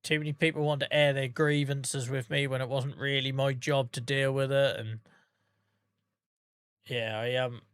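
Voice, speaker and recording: A man's voice: medium pitch, little pitch movement, normal speed, fairly bright tone, smooth, no room sound. A man streaming a game, chatting casually with his viewers by name and humming to himself between remarks. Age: adult with a day job. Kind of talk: casual livestream chat while gaming.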